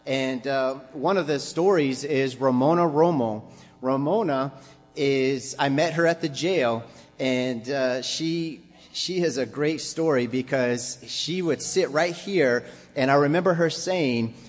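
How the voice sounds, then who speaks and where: A man's voice: mid-range voice, slow. A man preaching a sermon to a congregation, building up to emphatic, repeated exhortations. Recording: long hall reverb.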